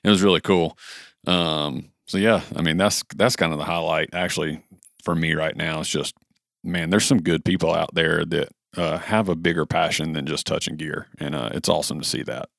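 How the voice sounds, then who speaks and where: American male host, gravelly deep voice, folksy and enthusiastic. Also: fairly even intonation, normal speed, fairly bright tone, no room sound, studio quality. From United States. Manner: enthusiastic, folksy, lots of fillers. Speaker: podcast host. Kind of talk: casual podcast chat.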